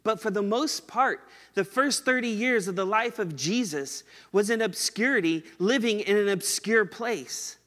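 Man, preacher, high bright voice, chatty sermon, echoing hall. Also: a little slow, few pauses. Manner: conversational preaching, stretches words for emphasis. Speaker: pastor.

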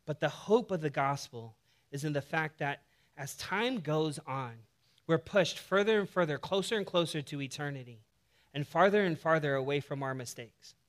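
A male pastor preaching a sermon in a casual, animated way, mixing humor with scripture. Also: fairly high pitch, moderate pace.

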